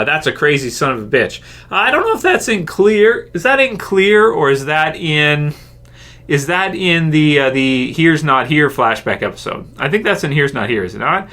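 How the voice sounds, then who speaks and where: Man, bright sharp tone, average pitch, casual Q&A host, rambling chatty delivery, quick to laugh. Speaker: host answering viewer questions. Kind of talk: casual Q&A chat.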